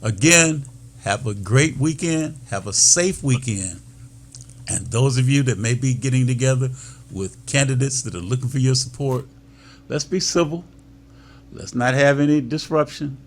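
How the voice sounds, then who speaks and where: Gravelly-voiced male talk show host. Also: medium pitch. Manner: measured, thanking guests and urging listeners. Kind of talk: panel discussion moderating.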